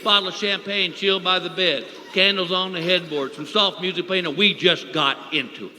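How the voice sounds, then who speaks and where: A man's voice: high-pitched, steady tone, fairly quick. A middle-aged man doing a folksy stand-up routine on a live stage, acting out his wife and himself. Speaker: stand-up comedian. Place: live comedy venue with audience. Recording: echoey hall with loud crowd noise. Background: audience laughter.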